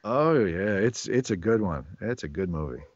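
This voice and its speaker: A man's voice: on the low side, expressive, normal speed, no echo. A man being interviewed as a voice actor, chatting casually and rambling with frequent restarts. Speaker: voice actor guest. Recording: dull, dry lo-fi recording.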